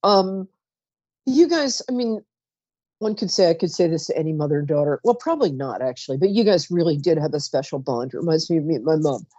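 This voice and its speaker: A woman's voice: low voice, animated, fairly quick, dark tone, no room sound, dull audio. A woman hosting a live call-in psychic reading show, chatty and rambling, often trailing off mid-sentence. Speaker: psychic radio host.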